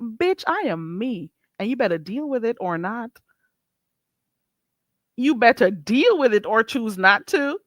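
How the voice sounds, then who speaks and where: A woman's voice: mid-range voice, expressive, a little slow, fairly bright tone, no room sound. A woman streams from her own channel, swinging her voice up and down as she mocks and scolds a viewer. She talks bluntly and with exasperation. The sound is dry and close. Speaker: channel host. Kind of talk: livestream rant.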